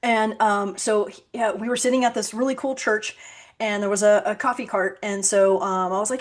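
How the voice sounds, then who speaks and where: A woman's voice: medium pitch, fairly quick. A woman hosting a podcast, telling stories with acted-out quotes and frequent laughter. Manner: animated storyteller, acts out quotes, laughs often. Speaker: podcast host. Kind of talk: casual podcast chat.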